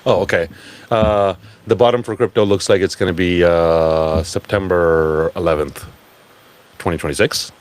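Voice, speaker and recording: Man, crypto event speaker, blunt, swears freely, lowish voice, animated live talk. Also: moderate pace.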